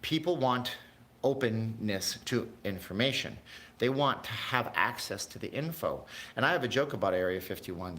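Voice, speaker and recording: Animated and moderately paced, this man talks in a fairly low, fairly bright tone. He's the host of an informal livestream, rambling on, skipping between tangents, and speaking to viewers in the chat.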